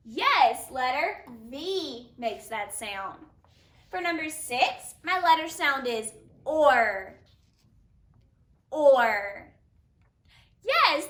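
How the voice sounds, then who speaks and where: A woman teaching a phonics lesson, slowly sounding out letters and praising her students. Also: high voice, sharp tone. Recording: echoey room, mic at a distance.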